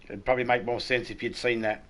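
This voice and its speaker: Fast and steady, this middle-aged Australian streamer's mid-range voice has a fairly bright tone, with a little hiss or hum in the recording. His casual chat rambles, full of swearing and blunt jokes.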